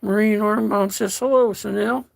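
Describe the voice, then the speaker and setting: An older American man hosting a casual livestream, reading out chat messages in a slow, folksy way and calling viewers darling. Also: sits high, fairly even intonation, vocal fry. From United States.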